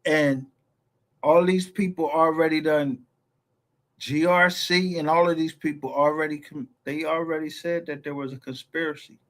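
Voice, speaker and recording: A man's voice: on the high side, steady tone, moderate pace, fairly bright tone. A man giving a heated, profane, rambling commentary as a YouTube creator, often restarting his sentences.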